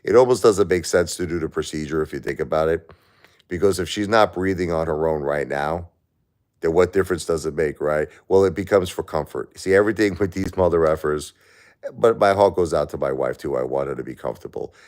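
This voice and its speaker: A grieving man talking to his viewers on a live stream, halting and repeating himself. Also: rumbling low, a little mellow. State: grieving, stressed. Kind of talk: emotional live-stream chat.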